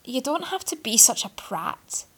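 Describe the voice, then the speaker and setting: A woman's voice: a little high, sing-song, measured pace, pushed and bright, slightly rough, pitched above the performer's own voice, exaggerated voice. A woman voicing a scruffy, flustered young male protester who stammers and turns peevish in a storybook reading. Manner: stammering, apologetic then peevish.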